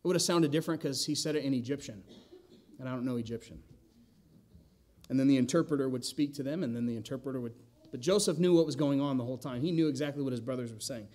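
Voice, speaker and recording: A man's voice: medium pitch, fast talker, darkish tone. A man preaching an expository sermon in a church, asking the congregation rhetorical questions and adding wry asides. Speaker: pastor. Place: church sanctuary.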